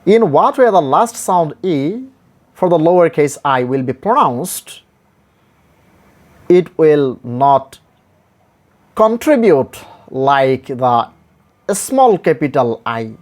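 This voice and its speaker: A man teaching English vowel sounds, repeating each example word slowly and deliberately in stressed drills. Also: on the high side, sing-song, darkish tone. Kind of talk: pronunciation lesson.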